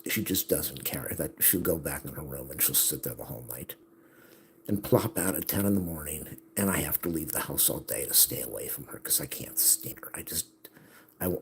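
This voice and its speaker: A middle-aged man with an extremely low, deep voice pours out a bitter personal monologue. He swings between hushed, weary mutters and sudden agitated outbursts. A faint hiss sits under his voice. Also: gravelly. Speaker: vlogger. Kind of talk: venting monologue.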